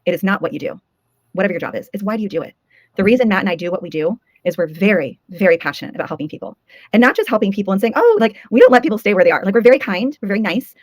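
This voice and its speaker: A woman with a mid-range voice, animated and racing, co-hosts and organizes a fitness summit. Her motivational talk offers emphatic, emotional encouragement to viewers, recorded with no echo.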